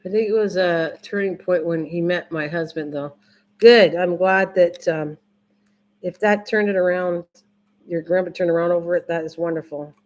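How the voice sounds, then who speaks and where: Older female livestream host, casual rambling chat with viewers, slightly low-pitched. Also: fairly even intonation, moderate pace. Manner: rambling, repeats herself, restarts often.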